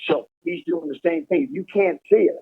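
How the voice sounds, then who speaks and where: A man telling a profane, animated prison story over a prison phone call. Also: on the high side, moderate pace, breathy edge. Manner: profane, animated storytelling, laughing at his own tale. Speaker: incarcerated caller telling prison stories. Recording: tinny phone line.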